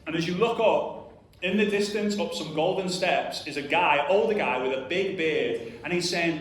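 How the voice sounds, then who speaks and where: A man in his thirties, speaking at normal speed with a fairly high pitch, gives a motivational talk as a conference speaker in a large hall. He's earnest and emphatic, says "like" often, and does little voices. The audio is echoey, from a distant mic.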